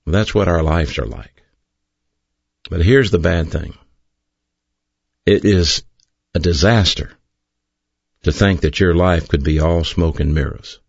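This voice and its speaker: A man preaching an earnest sermon as pastor, stressing key phrases slowly. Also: sits low, creaky, husky, no room sound, lo-fi sound. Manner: earnest, emphatic preaching with slow drawn-out stresses.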